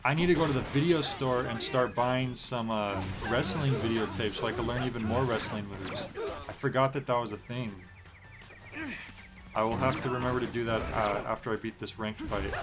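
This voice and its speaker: A man's voice: medium pitch, normal speed. A man streaming a video game, chatting in an easygoing, rambling way with lots of fillers. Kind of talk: casual gameplay commentary. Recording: game music playing behind.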